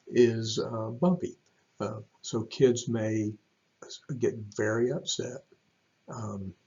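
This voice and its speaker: A man's voice: lowish voice, darkish tone, dull audio. A man from a church staff giving casual advice to parents in a video, rambling with many ums and restarts.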